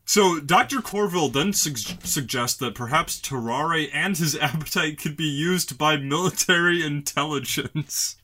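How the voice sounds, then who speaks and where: A man's voice: on the high side, unhurried, hardly any pauses, background noise. A man hosting a casual podcast. He tells a history story, often laughs mid-sentence and swears freely.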